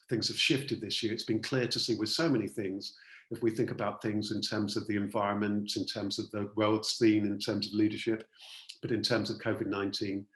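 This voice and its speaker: A man who works as a coach and speaker leads an online masterclass, earnestly repeating key words to stress them. His voice sits on the low side, and the room sounds echoey.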